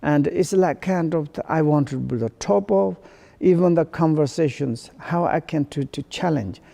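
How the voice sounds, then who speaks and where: A man teaching Buddhist dharma to his students in broken, halting English, restarting his phrases as he reflects with quiet humor. His voice sits slightly high, with a gravelly, creaky edge and a warm, mellow tone. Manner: halting non-native English with many restarts.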